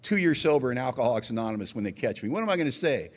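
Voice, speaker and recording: A man's voice: mid-range voice, sing-song, rapid-fire. A middle-aged American man telling his recovery story at a meeting, earnest and self-deprecating, with acted quotes. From United States.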